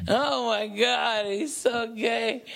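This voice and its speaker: A man's voice: extremely high pitch, fairly even intonation, slow, vocal fry, fairly bright tone. A man co-hosting a podcast, a comedian chatting in a crude, joking way. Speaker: comedian and co-host. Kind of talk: casual podcast chat.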